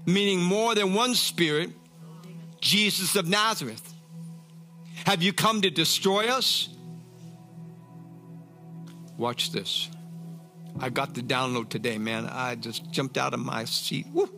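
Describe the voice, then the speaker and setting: A man preaching with a high, bright, forceful voice. He reads scripture and keeps stopping to comment and exclaim in fervent praise. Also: slow pace, long pauses, faint music behind. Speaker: pastor. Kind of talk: sermon, reading scripture with commentary.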